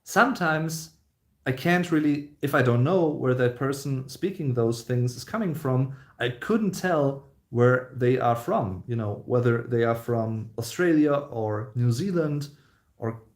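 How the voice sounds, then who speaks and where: A man's voice: medium pitch, animated, a little slow. Easygoing German man chatting on a livestream. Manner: rambling and easygoing, many fillers and restarts. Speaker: host. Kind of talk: casual livestream Q&A chat.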